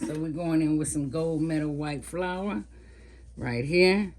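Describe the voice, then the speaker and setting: A woman over fifty speaks slowly in a low voice against background noise. As a cooking vlogger, she keeps up a casual chat with viewers while seasoning and frying chicken.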